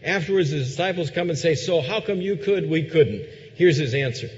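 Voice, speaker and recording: A man preaching a sermon, asking rhetorical questions and moving between loud emphasis and quiet, intense passages. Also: on the high side, animated, normal speed, hardly any pauses, slight background noise. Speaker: pastor. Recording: dull sound with long hall reverb.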